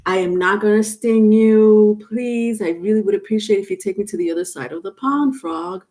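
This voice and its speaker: A woman's voice: medium pitch, normal speed, dark tone, natural voice. A woman voicing a sly scorpion from a fable, coaxing and wheedling. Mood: pleading.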